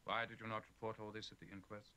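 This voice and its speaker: An actor playing a sharp male detective who questions a witness in a TV film drama with clipped, probing questions. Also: lowish voice, flat delivery, fast talker.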